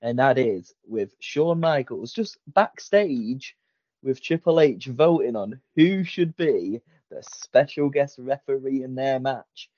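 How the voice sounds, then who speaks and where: A man talks in a casual podcast chat and acts out quotes as he tells a story. His voice is dark and mellow, and the recording is dry and a little dull. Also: mid-range voice, slow pace, no room sound. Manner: animated storytelling, acting out quotes. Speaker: podcast co-host.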